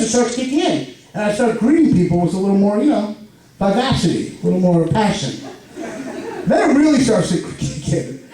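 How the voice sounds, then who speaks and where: A young man with a lisp and a high voice tells a stand-up story with lively, loud bursts. He sounds far from the mic in a very echoey comedy club. A clearly audible crowd laughs behind him. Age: young adult. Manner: animated, jumps to loud high outbursts. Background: audience laughter.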